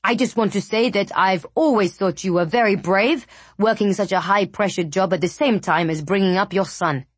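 A woman voicing a gruff, guarded male office colleague in an audiobook, speaking hesitantly and sheepishly. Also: mid-range voice, normal speed, dry recording, natural voice. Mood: apologetic. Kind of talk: audiobook character voice.

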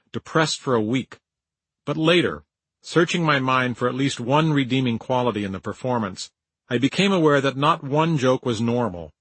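Older man, husky and dry-witted. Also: mid-range voice, fairly bright tone, dry recording, poor audio. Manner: dry, wry, measured storytelling. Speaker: memoir narrator. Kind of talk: audiobook memoir narration.

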